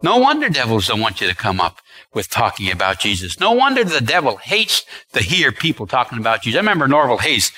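Male preacher, emphatic and repetitive sermon delivery, bright, forceful tone. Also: mid-range voice, wildly swooping pitch, quick pace, low-quality recording. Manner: emphatic and repetitive, stretching key words.

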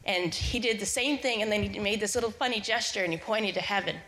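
Bright-voiced woman telling a story at church. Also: medium pitch, fast, big-room sound, low-quality recording. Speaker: congregation member sharing a story. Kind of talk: testimony to a congregation. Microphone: handheld mic.

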